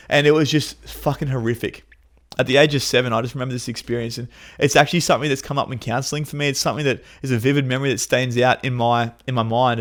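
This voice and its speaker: Guy hosting a podcast, telling his own story, raw and open, swears a lot, gets heated in spots, average pitch. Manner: candid and emotional, with frequent swearing; rises to intense, raised passages when reliving pain. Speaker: podcast host. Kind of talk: personal storytelling monologue.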